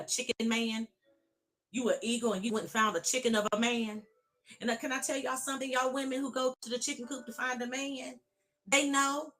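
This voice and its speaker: A woman life coach giving a motivational speech to women, speaking straight at them in a preaching cadence, repeating phrases and building up to shouts. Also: a little high. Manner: speaks directly to her audience of women.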